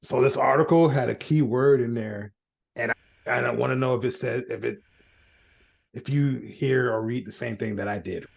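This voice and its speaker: Gravelly husky guy co-hosting a podcast, mid pitch, laid back, says yep a lot. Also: moderate pace. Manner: laid-back, gives lots of short agreeing replies. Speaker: podcast co-host. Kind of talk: casual podcast chat.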